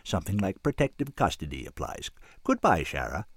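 A man reading an audiobook, voicing a smug, ruthless male tycoon who talks slowly and condescendingly. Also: deep voice, big pitch swings, husky, dry recording, studio quality, exaggerated voice. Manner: slow, silky and condescending.

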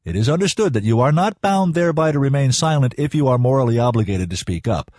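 A man voicing a calm young scientist who speaks evenly and with authority, in an audiobook. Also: medium pitch, no echo, studio quality, lightly acted. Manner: even, measured, commanding. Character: calm adult male young scientist, dryly humorous.

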